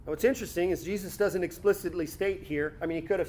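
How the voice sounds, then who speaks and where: High-voiced man preaching a sermon. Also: a little mellow. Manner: reads scripture aloud, then explains it conversationally; slows down and stretches words for emphasis. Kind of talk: expository sermon.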